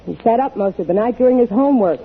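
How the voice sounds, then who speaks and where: A woman playing a patient, exasperated wife and mother in a 1940s radio sitcom, gently scolding, on a scratchy old broadcast. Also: a little high, animated, quick pace, breathy edge, narrow, tinny audio.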